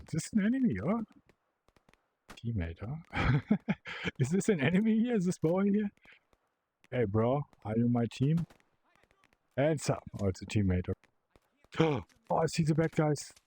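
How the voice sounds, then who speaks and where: A young man giving live commentary while playing a game, excitable and swearing as he yells at the bots. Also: mid-range voice, breathy edge, poor audio. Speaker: VR gameplay creator.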